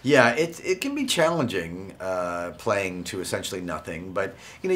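A man talking as an actor and interview guest, relaxed and wry in casual conversation. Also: low-pitched, normal speed, hardly any pauses.

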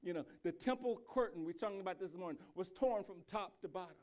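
Preaching in an animated, fairly high voice, this male pastor alternates quiet, reflective passages with slow, loud, emphatic declarations. Along the way he often stumbles, restarts and repeats words.

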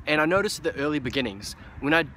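A man's voice: fairly high pitch, animated, very fast, pushed and bright, a little hiss or hum. A young man with a New Zealand accent talking casually to camera as a vlogger, loose and profane, rambling with lots of fillers.

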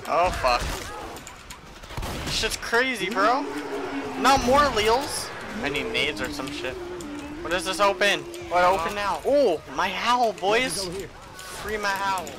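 A young man giving excitable gameplay commentary as a gaming channel host, swearing often and shouting at his teammates. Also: sits high, takes it slowly, long pauses. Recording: loud game audio behind voice.

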